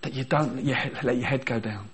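A man preaching a sermon, animated, acting out little quoted voices and laughing often as he talks. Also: mid-range voice, fast.

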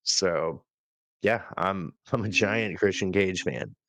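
Slow-talking man in a wrestling chat. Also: low-pitched, no room sound. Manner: relaxed, hesitant, many fillers. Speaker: podcast co-host. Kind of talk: casual wrestling review chat.

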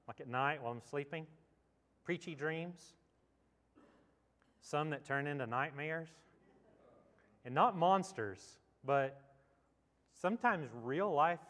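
A man's voice: mid-range voice, a bit bright. A man pastor giving a sermon, telling a story in a conversational, reflective way. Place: church sanctuary. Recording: long church hall reverb.

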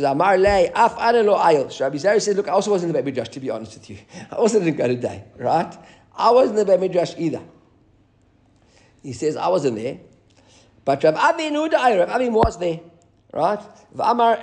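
A man teaching a live Talmud class, reading Aramaic passages and explaining them in English with animated asides. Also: fairly high pitch, vocal fry.

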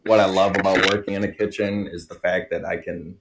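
A man's voice: low-pitched, level tone, fairly quick, fairly bright tone. A man who works as a kitchen cook, talking casually and bluntly with plenty of swearing. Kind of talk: casual chat.

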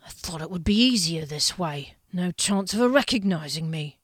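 A woman doing a gruff grumbling henchman, low and flat, dry sound. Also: moderate pace, dry recording. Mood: sullen. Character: gruff male henchman, sullen.

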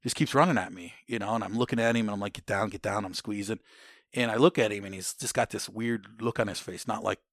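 A man's voice: lowish voice, fast talker, no echo, studio quality. A man from the United States, a military veteran, telling war stories in a conversation, blunt, swearing, and rambling through restarts and fillers. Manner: rambling, with many restarts and "you know" fillers.

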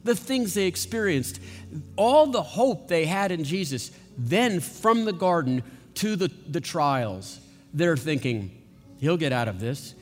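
Slow, dramatic male preacher in a hall. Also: high voice, big pitch swings, soft background music. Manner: slow and dramatic, rising to intense questions. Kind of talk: sermon.

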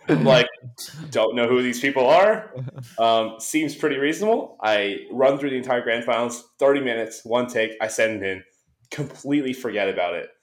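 A man's voice: mid-range voice, normal speed. A young man chats as a podcast guest, animatedly telling a story and putting on voices for the people he quotes. His voice sits in a middling register and carries a noticeable echo from the room. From United States. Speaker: guest, esports caster. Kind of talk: casual podcast chat. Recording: echoey room sound.

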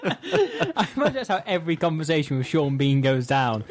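A man's voice: a little high, huge pitch swings, normal speed. A man from England co-hosting a casual podcast, making dry quips and laughing often. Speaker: podcast co-host. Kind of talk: casual chat.

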